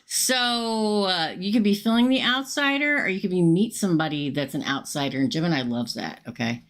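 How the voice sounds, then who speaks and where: Speaking on the low side at normal speed, a middle-aged tarot reader chats straight to her livestream audience. She's upfront and talkative as she casually reads cards and reads out the chat.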